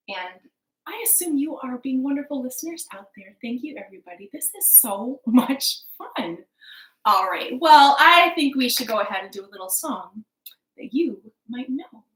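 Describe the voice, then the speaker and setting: A woman telling stories to children, speaking gently and encouraging young listeners at home. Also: a little high. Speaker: children's librarian storyteller. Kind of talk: children's storytime reading. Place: living room at home. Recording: echoey home room.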